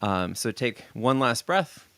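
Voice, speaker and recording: A man leading a casual singing lesson, relaxed and full of ums and restarts as he explains breathing and warm-ups. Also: medium pitch, slow pace, no echo. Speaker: vocal coach.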